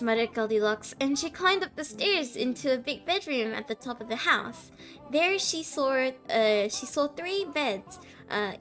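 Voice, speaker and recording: A high-voiced woman reads a fairytale aloud to her stream, giggling often and tripping over words. Faint music plays quietly under her voice. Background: faint background music.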